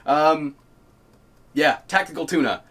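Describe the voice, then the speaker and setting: A man's voice: on the high side, takes it slowly, fairly bright tone. A young man from Canada hosting a casual podcast chat, laid-back, swearing often and laughing between lines. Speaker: podcast host.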